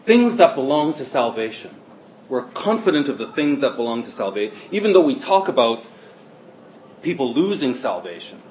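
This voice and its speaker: A male preacher delivers a sermon with a lively, rising and falling pitch, punching key words and then dropping to near-murmurs. He sits at a middle pitch for a man. The recording is roomy and echoey, a little dull and lo-fi, with a faint hiss underneath. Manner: emphatic, swings between loud stresses and quiet asides.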